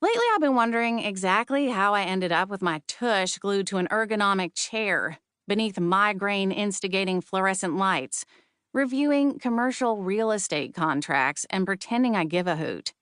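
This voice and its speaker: A woman narrating a comic novel in first person, wry and lively, with a knack for playing up punchlines. Her voice is smooth and crisp, recorded dry on a close studio mic. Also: mid-range voice, normal speed, no room sound. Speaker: audiobook narrator.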